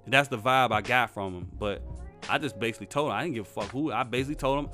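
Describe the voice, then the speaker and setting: A man's voice: mid-range voice, fast, sharp tone. Young guy, blunt and swearing, casual rant over faint music. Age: young adult. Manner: blunt, profane, defiant. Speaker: vlogger.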